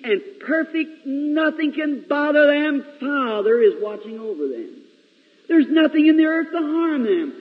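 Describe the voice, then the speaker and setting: A man preaching a sermon in a large church, storytelling dramatically with sudden swings between loud and hushed delivery. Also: extremely high pitch, slightly rough. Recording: lo-fi 1950s reel recording, long hall reverb.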